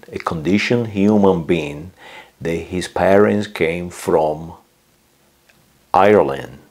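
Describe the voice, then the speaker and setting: Slow low-voiced man ranting. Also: a little mellow. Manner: slow, hesitant, repeats words and says "uh" often; lectures with acted quotes. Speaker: vlogger. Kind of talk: political rant.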